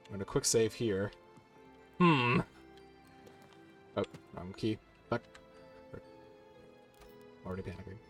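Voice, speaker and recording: A man with a fairly low voice talks his way through a game in a loose, chatty commentary. He laughs often and swears when things go wrong, with faint music underneath. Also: slow, long pauses, a bit bright. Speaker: gaming channel host. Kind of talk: casual gameplay commentary.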